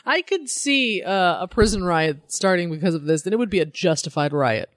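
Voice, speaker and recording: A woman's voice: on the low side, animated, moderate pace, no room sound, studio quality. A woman co-hosting a comic book podcast, chatting casually with sarcasm and plenty of swearing. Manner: sarcastic, profane, laughs often. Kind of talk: casual chat.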